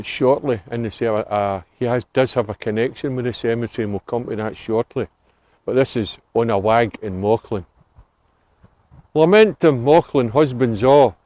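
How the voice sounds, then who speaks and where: A Scottish man reciting Scots dialect poetry outdoors on a cemetery tour, with a measured, relishing delivery. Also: mid-range voice, a little mellow, no room sound. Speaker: tour volunteer reciting poems.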